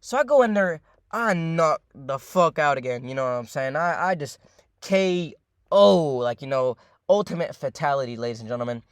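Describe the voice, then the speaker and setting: A young man telling a long, rambling story in a casual, profane way, full of fillers and repeats, often addressing his listeners as ladies and gentlemen. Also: fairly high pitch, expressive, normal speed, clear, resonant tone, dry recording, studio quality.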